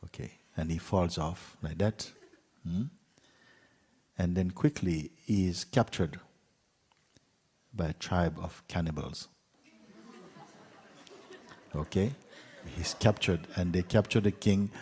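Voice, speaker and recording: A man, a spiritual teacher, telling a fable to an audience in an unhurried way, with pauses, sometimes dropping to a hushed whisper. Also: low-pitched, slightly rough, big-room sound. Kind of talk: storytelling talk to an audience.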